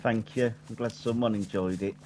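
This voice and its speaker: A man's voice: lowish voice, fairly even intonation, normal speed, a little mellow. A man in casual voice chat while gaming, making cheeky, dry quips. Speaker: gamer in voice chat.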